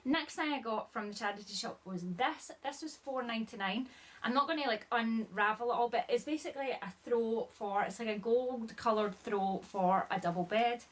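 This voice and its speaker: A woman's voice: fairly high pitch, moderate pace. Woman rambling through a haul video, kinda out of breath, says sorry a lot, "like" every other word. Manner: chatty, rambling, apologetic, lots of "like". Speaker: haul vlogger. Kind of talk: casual chat showing items.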